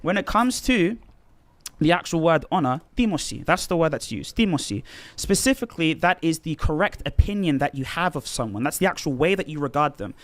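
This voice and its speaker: Fast, animated man arguing in a debate. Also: a little high. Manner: fast, insistent, argumentative. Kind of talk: formal religious debate.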